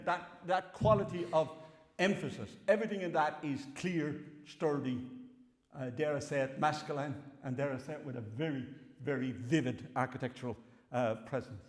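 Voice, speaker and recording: An older Irish man giving a wry, animated farewell lecture with slides in a large hall. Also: medium pitch. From Ireland. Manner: wry, animated storytelling with chuckles. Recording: long hall reverb.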